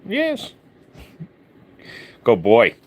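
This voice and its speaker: A man chatting casually on a live stream, swearing freely and talking to his dog in a high singsong. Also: huge pitch swings, very slow, muffled recording, slight background noise.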